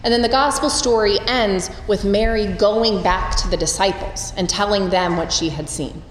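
A woman preaching an Easter sermon, expressive and storytelling, with lively swings in her delivery. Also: medium pitch, moderate pace, a little hiss or hum. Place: church sanctuary. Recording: roomy church with long reverb.

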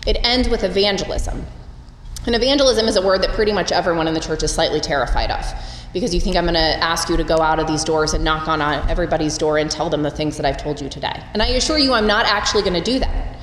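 A woman preaching an Easter sermon, expressive and storytelling, with lively swings in her delivery. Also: on the low side, fast talker, slight background noise. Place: church sanctuary. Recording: roomy church with long reverb.

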